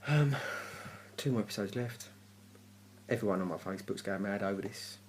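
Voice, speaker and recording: A man's voice: lowish voice, moderate pace, a little hiss or hum. A man giving a casual, grumpy TV review, ranting and swearing in exasperation. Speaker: TV review vlogger. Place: home at night.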